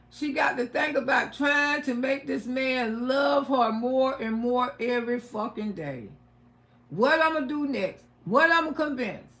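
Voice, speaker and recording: Woman livestream host, bright high voice, loud, animated and profane storytelling. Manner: loud, animated, laughing, profane advice to women.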